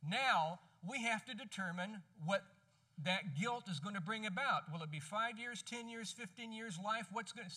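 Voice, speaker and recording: A man with a high, bright voice teaches through a sermon in a relaxed, conversational way, often stopping to correct himself. He sounds somewhat distant from the microphone. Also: normal speed. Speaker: pastor. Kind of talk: expository sermon.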